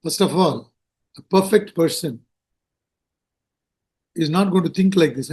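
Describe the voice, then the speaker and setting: A man giving a scripture discourse as a spiritual teacher, explaining slowly with rhetorical asides. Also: on the high side, mellow.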